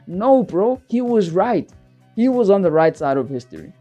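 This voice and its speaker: A man's voice: sits high, sing-song, normal speed, dark tone, soft background music. Fired-up man ranting about football. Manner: profane, fired-up, repeats himself for emphasis. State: worked up, feels hot-headed. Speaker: football channel host. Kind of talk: heated football rant to camera.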